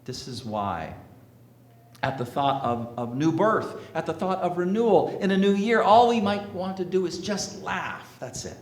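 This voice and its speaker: Slow, emphatic male preacher. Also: high-pitched, lively intonation, roomy sound. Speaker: minister. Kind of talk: sermon. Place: sanctuary with congregation.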